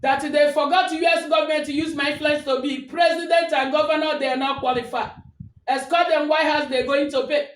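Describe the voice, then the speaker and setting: A woman from Nigeria with a Nigerian accent, delivering an angry, defiant rant, often shouting and scolding. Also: high-pitched, steady tone, brisk, echoey room, poor audio.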